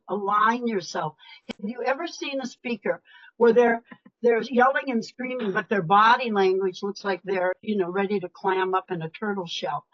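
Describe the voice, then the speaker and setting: An older woman coach giving a live webinar talk, animated and emphatic, often dropping her voice low or to a whisper for effect. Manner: animated, emphatic, varies loudness, drops to whispers. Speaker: speaker and leadership coach. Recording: dull lo-fi webinar audio.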